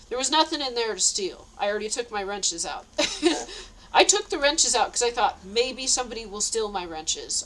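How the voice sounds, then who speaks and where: A woman's voice: fairly high pitch, a bit bright, a little hiss or hum, poor audio. A woman telling a rambling story in a casual vlog, with frequent nervous laughs. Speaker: vlogger.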